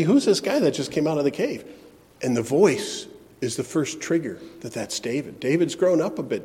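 A man preaching a sermon, shifting between soft, reflective passages and emphatic ones. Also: fairly high pitch. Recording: long hall reverb.

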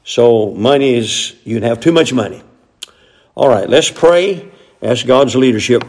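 A man's voice: medium pitch, expressive, measured pace, a little mellow. An older man, preaching a sermon in a folksy way with frequent amens. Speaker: pastor.

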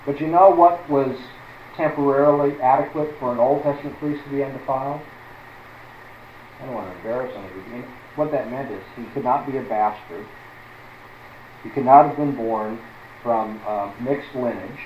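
A man's voice: mid-range voice, normal speed, roomy sound, dull audio, slight background noise. A man teaching through a Bible passage as a preacher, stressing words one by one and putting questions to his listeners.

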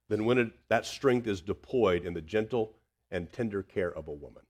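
Man, preacher, sermon, animated pitch, husky, loud-to-hushed delivery. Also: normal speed. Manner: expressive, swings from loud to hushed.

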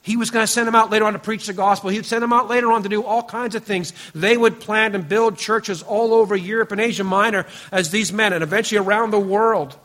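A man preaching a sermon to his congregation, earnest and emphatic, often dropping to a quieter, lower voice and addressing listeners by name. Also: fairly even intonation, quick pace, few pauses. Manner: speaks directly to the congregation, teasing members by name. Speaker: pastor.

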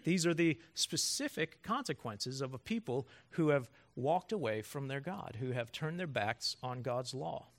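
A man's voice: mid-range voice, expressive, a little slow, few pauses. A man preaching a sermon as pastor to his congregation, emphatic and building through rhetorical questions.

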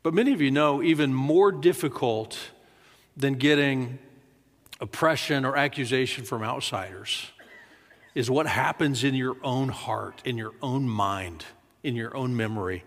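A man preaching a sermon as pastor, talking in a relaxed conversational way. He often repeats words and acts out the quoted lines with a rising voice. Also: medium pitch, unhurried, long reverb tail. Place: church sanctuary.

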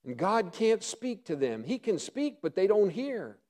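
A middle-aged male pastor preaching a sermon, earnest, often dropping to a hush for emphasis. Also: high-pitched, sing-song, unhurried.

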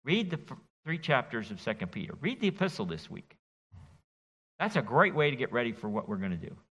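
A middle-aged pastor giving an expository sermon in a church, animated and folksy, joking with his congregation. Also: mid-range voice, brisk, breathy edge. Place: church sanctuary. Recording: reverberant church hall.

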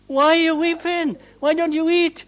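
A man's voice: steady tone, moderate pace. A man doing a pleading, doting husband. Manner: high, soft-hearted pleading, old-fashioned phrasing.

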